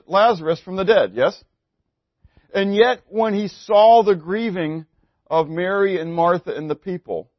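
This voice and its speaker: A man preaching a sermon, swinging between loud emphasis and hushed asides and putting questions to the congregation. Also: sits high, no echo, dull audio. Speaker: pastor.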